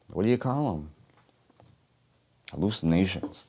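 A man's voice: low voice, lively intonation, measured pace, creaky, warm tone, breathy edge, heavily acted. A man playing a profane, haunted old war veteran. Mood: bitter, haunted. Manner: coarse, profane, ungrammatical soldier's talk. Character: grizzled old working-class male war veteran, bitter and haunted. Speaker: stage performer in a one-man play. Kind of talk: theatrical monologue.

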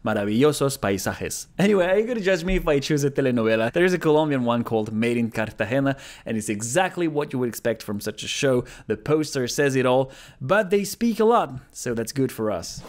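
A man's voice: mid-range voice, animated, a little fast, few pauses. Chatty man reviewing a language app. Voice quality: chatty, amused, repeats phrases to study them. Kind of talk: casual explanatory review.

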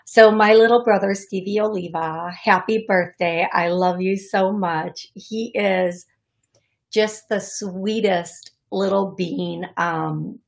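A middle-aged woman hosting a call-in radio show as a psychic medium, talking in a halting way with many fillers and restarts. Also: mid-range voice, steady tone, gravelly.

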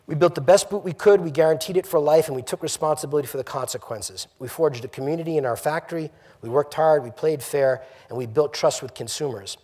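Addressing college students in a lecture hall, a middle-aged company CEO talks fast in a darkish voice on the high side. His delivery is emphatic and conversational, and he keeps asking the room questions.

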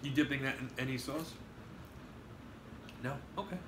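A man's voice: medium pitch, steady tone, normal speed, echoey room, noisy background. A man hosting a pizza review livestream, joking and swearing as he chats casually at a table indoors. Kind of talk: casual on-stream banter.

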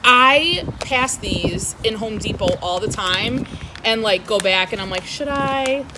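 Unboxing plants outside on a windy day, a young woman in her early adult years squeals and gushes with excitement for her vlog. She speaks slowly, her fairly high voice full of lively rises and falls. Wind buffets the outdoor microphone throughout.

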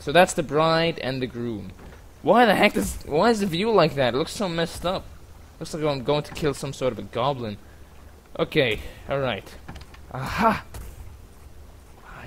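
A man's voice: fairly high pitch, a little hiss or hum. Rambling, joking gameplay commentator man. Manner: rambling, joking, bursts into panicked yelling.

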